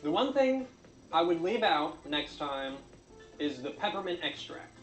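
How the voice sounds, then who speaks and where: A man narrating his own craft video in a dry, deadpan comic way, with frequent filler sounds. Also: a little high, measured pace, roomy sound, soft background music, poor audio.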